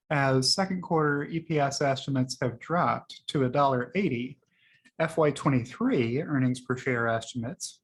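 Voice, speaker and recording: A man's voice: fairly high pitch, slightly rough. A man hosting his own video, casually talking through tweets he liked, rambling with many fillers and laughing at his own jokes. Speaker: video host.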